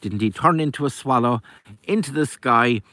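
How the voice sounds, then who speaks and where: A man telling a folk tale in a lively, chatty way with asides. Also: mid-range voice, moderate pace, dry recording. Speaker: storyteller. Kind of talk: oral folk storytelling.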